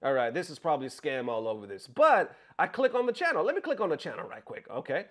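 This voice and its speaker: A man's voice: on the high side, quick pace. A man talking casually to his viewers, swearing freely and acting out what other people said. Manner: animated, swears freely, acts out quotes. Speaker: content creator. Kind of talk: casual commentary vlog.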